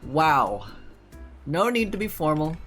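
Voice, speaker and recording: A streamer giving excitable, gushing commentary on a game playthrough, laughing often. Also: medium pitch, slow pace, faint music behind.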